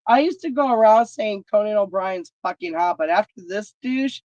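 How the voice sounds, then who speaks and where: A woman's voice: mid-range voice, lively intonation, moderate pace, a little mellow. A woman telling stories in a blunt, profane casual rant. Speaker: vlog host. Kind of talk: casual ranting chat. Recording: dry, dull lo-fi sound.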